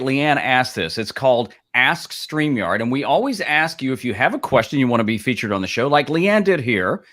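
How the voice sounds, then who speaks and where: A middle-aged man co-hosting a live stream with loose, joking banter. His pitch swings widely from line to line, and he is quick with a playful aside as he greets viewers. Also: fairly bright tone. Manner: jokey, playful, slips into silly accents. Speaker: co-host.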